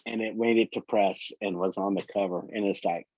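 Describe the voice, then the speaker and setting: A man's voice: fairly low pitch, fairly even intonation, a little fast, darkish tone, no echo. Rambling storyteller man, dull dry audio. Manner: rambling, long winding anecdotes. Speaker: photographer guest. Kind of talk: casual interview storytelling.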